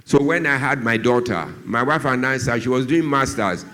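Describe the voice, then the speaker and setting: A Nigerian doctor who speaks about drug abuse gives a talk at church, his voice slightly bright and moderately paced. He tells stories and acts out the characters' voices, shifting his pitch a great deal.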